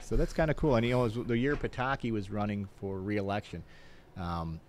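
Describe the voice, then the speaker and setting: A man's voice: on the low side, fairly even intonation, a little fast, a little mellow, slight background noise. A middle-aged man, a former mayor visiting a radio show, telling casual stories in a studio. He acts out the people in his stories, laughs often and swears now and then. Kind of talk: casual anecdotal storytelling.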